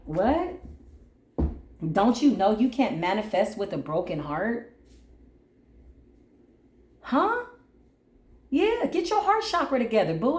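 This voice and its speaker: A woman giving a spiritual tarot reading in a vlog, animated and slangy with casual swearing, now and then breaking into sung bits. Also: mid-range voice, echoey room. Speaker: tarot reader.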